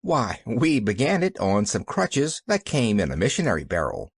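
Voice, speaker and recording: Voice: mid-range voice, huge pitch swings, normal speed, breathy edge, no room sound, studio quality, exaggerated voice. A reader voicing a cheerful, earnest little girl who chatters eagerly.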